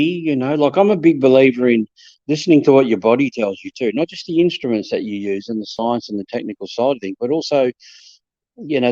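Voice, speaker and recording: A man recounts his investigations in a relaxed, halting way, often doubling up his words and acting out what people said. His voice is dark and mellow. The sound is dry, close and a little dull, as if from a modest mic. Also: medium pitch, dry recording. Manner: hesitant, repeats words, quotes people in his stories. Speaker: paranormal investigator. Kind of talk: casual storytelling chat.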